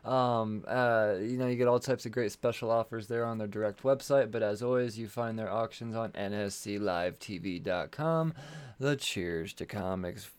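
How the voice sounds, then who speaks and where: A man's voice: fairly low pitch, normal speed, smooth. A man hosting a podcast, reading sponsor ads in a loose, rambling way, swearing and tripping over his words. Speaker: podcast host. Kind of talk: casual solo podcast ad read.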